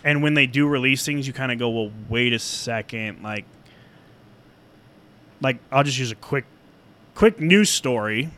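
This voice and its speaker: A man co-hosting a podcast in casual chat, animated and swearing, acting out imagined dialogue. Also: medium pitch, moderate pace, pauses often. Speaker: podcast co-host.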